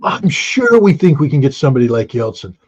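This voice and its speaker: A man's voice: mid-range voice, big pitch swings, brisk. A middle-aged man giving blunt, emphatic political commentary as an interview guest, hammering points through repetition. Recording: dull lo-fi sound.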